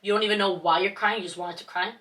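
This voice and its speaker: A woman's voice: mid-range voice, steady tone, fast, sharp tone, recorded from a distance. A young woman co-hosting a podcast, talking openly and reflectively with many fillers. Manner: rambling, reflective, lots of fillers. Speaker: podcast co-host. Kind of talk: casual chat.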